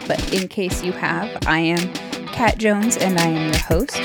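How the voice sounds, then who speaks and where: A woman podcast host giving a casual, rambling solo update from her dining room, sounding out of breath and apologetic. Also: on the low side. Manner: chatty, apologetic, rambling with many fillers. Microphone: close handheld microphone.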